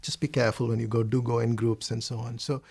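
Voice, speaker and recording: A man's voice: mid-range voice, level tone, fast talker, vocal fry, a little mellow, slightly rough. A middle-aged man from South India with a South Indian accent, reflectively giving a personal testimony, hesitating and restarting often. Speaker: interviewee.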